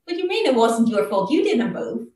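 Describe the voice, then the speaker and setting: A woman doing an excitable Brahmin man. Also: fairly high pitch, a little fast. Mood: indignant. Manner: shouting, then coaxing. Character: excitable, quick-tempered male Brahmin owner. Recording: roomy, distant mic.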